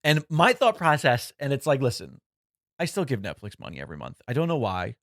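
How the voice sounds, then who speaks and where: Male podcast co-host, casual and animated, with a lively, swooping delivery and dry, close sound. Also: mid-range voice, brisk, dry recording. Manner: animated, swearing, self-mocking asides. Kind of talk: casual chat.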